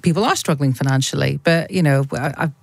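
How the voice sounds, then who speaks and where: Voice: medium pitch, a little fast, creaky, no echo. A host asking questions and musing aloud in a radio discussion, hesitant with many restarts. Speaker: show host.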